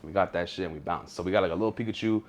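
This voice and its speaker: Fast-talking profane podcast guy. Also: deep voice. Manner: animated, profane, acts out quoted voices. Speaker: podcast co-host. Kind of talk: casual storytelling.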